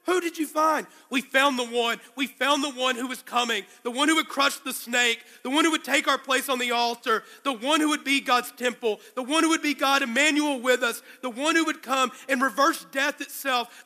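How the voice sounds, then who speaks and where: A male pastor preaching a sermon to a congregation, telling the story with animated, acted-out quotes. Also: extremely high pitch, normal speed, hardly any pauses, big-room sound. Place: large room with a congregation.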